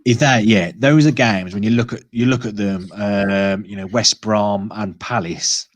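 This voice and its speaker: Low-voiced man talking football, hesitant. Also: measured pace, no room sound. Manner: hesitant, lots of filler and restarts. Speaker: podcast host. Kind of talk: casual football chat.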